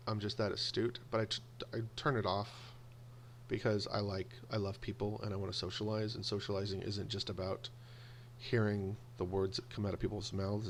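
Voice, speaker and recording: A man telling personal stories in a casual monologue, animated and acting out the voices of people he quotes. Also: fairly low pitch, vocal fry, slight background noise. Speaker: video blogger.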